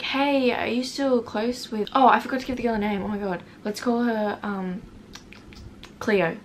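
Teen girl vlogger, casual storytime, self-mocking, chatty, filler words, faint background noise. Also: mid-range voice. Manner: reads out old messages in put-on voices.

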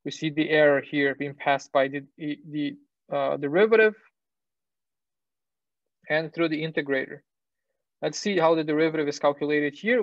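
A man lecturing on engineering in a fairly high voice, stepping through ideas with fillers, self-corrections and the odd "right?". The sound is dry and close, with a dull, lo-fi tone like a classroom recording. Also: dry recording. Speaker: university lecturer. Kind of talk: technical lecture.

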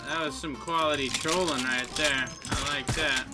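A man giving excitable, slangy commentary over his own gameplay, laughing often and yelping when he gets caught. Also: fairly high pitch, normal speed, faint music behind. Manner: slangy, playful trash talk. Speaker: gaming YouTuber.

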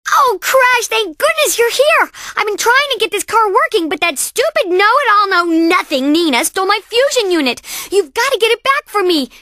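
A woman voicing a young bandicoot girl in a cartoon video game, an eager, bratty little mechanic with a high, excitable voice. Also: normal speed, few pauses, dry recording, clean studio sound, heavily acted.

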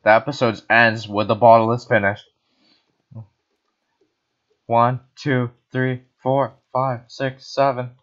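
A man's voice: mid-range voice, level tone, slow, long pauses, fairly bright tone. A tipsy young man rambling and swearing as he hosts a casual Minecraft building session, mocking himself as he plays. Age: young adult. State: tipsy from wine. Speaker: host. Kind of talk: casual Minecraft let's-play chatter. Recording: dull lo-fi recording.

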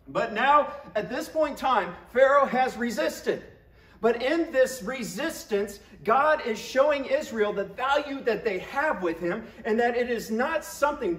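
A man's voice: very high-pitched, fairly bright tone. A male pastor preaching a sermon, emphatic and acting out scripture quotes in different voices. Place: church sanctuary. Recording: echoey church room.

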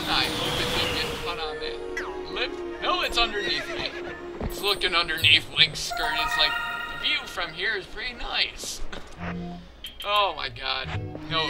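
A young man giving crude, joking commentary while playing a video game and talking to its characters. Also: on the high side. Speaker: let's play gamer. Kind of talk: casual gameplay commentary. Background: game music.

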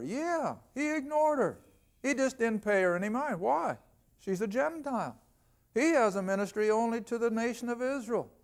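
An older man giving a televised Bible lesson in a folksy, conversational way, reading scripture aloud slowly. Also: sits high. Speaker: Bible teacher.

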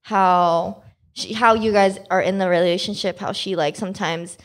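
A woman's voice: medium pitch, steady tone, normal speed. A woman co-hosting a podcast in casual chat, teasing and giggly with slang. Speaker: podcast co-host.

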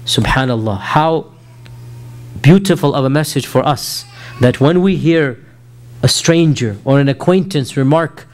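A man's voice: fairly high pitch, a little slow. An American man gives a recorded lecture in a slightly raised voice. He explains points earnestly and builds to emphatic rhetorical questions. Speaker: Islamic lecturer.

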